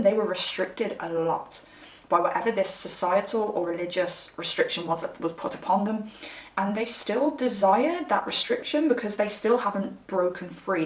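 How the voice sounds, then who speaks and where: A woman's voice: mid-range voice, far from the mic. Woman, tarot reader, chatty and candid, roomy echo, mic set back. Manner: chatty, candid, addresses viewers directly. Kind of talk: pick-a-card tarot reading.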